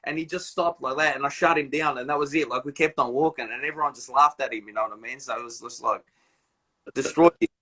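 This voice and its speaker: A man's voice: mid-range voice, fast, breathy edge. A man hosting a live video chat, telling stories in a loose, slangy way. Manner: animated storytelling, slangy. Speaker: host. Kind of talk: casual live-stream chat. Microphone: phone or laptop on a live video call.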